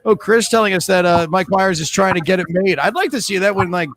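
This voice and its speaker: A man's voice: high voice, brisk, a bit bright. A man hosting a live trivia game, reading questions and answer choices in a chatty, joking way. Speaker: trivia host.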